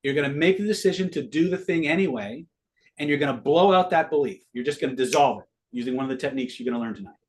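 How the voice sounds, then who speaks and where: A man's voice: mid-range voice, animated, fast. A middle-aged man teaching a live online master class in a casual way, swearing freely and quizzing his audience.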